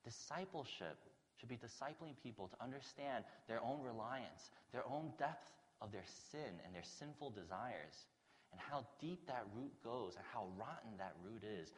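A man's voice: mid-range voice, animated, normal speed, long reverb tail. A man preaching a sermon to his congregation in an earnest, conversational way. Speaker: pastor.

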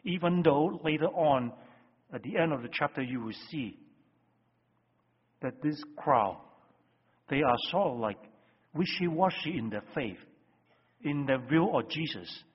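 Husky-voiced pastor preaching in a reverberant hall. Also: male voice, a little high, expressive, measured pace, pauses often. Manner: emphatic, swings between loud stresses and hushed phrases. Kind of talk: sermon. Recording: dull lo-fi sound with long hall reverb.

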